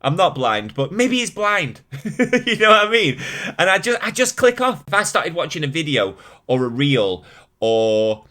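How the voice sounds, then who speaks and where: Very animated and a little high, his bright voice has a forceful edge and a normal pace. This Manchester-born fitness YouTuber, mildly Mancunian in accent, vents frankly to camera, exasperated, casually swearing and laughing at his own expense.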